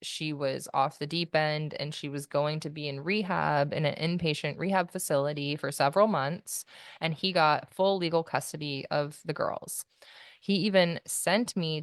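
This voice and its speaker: A woman's voice: sits low, clear, resonant tone, no room sound, clean studio sound. A woman guest giving a candid personal account in an interview, rambling and full of fillers like "like" and "you know.".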